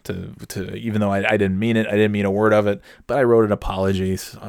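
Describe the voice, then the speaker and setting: A man's voice: lowish voice, little pitch movement, quick pace, vocal fry, hardly any pauses, darkish tone, clean tone, dry recording, clean studio sound. A man telling a personal story in a casual, rambling way, swearing freely and often restarting his sentences. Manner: rambling, profane, with many restarts. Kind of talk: casual anecdote.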